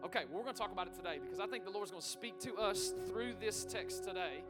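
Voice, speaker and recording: A man preaching a lively interactive sermon, calling out to the congregation and talking quickly and chattily. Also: high-pitched, over loud music. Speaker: pastor. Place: church sanctuary.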